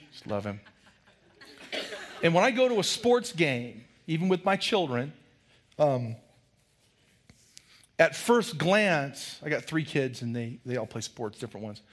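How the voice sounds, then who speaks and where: A middle-aged man, a pastor, preaching a lively sermon with loud, humorous storytelling. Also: medium pitch, measured pace, pauses often.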